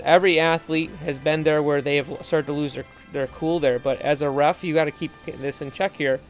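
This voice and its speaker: A man's voice: a little high, clear, resonant tone. A man talking referees through game footage in an earnest, conversational way, full of asides and restarts. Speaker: referee trainer. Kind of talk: instructional video commentary.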